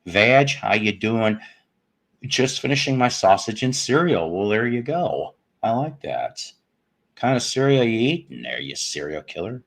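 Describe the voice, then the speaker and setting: A man's voice: mid-range voice, very animated, a little slow, gravelly, a bit bright. A man in his fifties hosting a casual live stream from home, greeting chat viewers and cracking puns and profane jokes. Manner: joking, punning, profane asides. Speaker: host of a live music stream.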